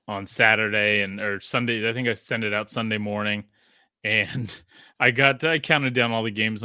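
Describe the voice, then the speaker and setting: A man's voice: lowish voice, sharp tone, dry recording, studio quality. A man who grew up in Australia hosts a podcast in a casual chat, rambling through stories with lots of fillers and restarts. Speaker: podcast host.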